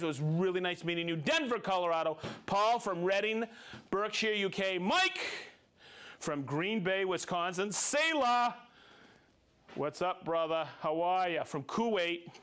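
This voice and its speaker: Male stream host, high voice with big swings, cheery shout-outs to viewers. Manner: upbeat, cheering, chatty asides. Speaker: livestream host.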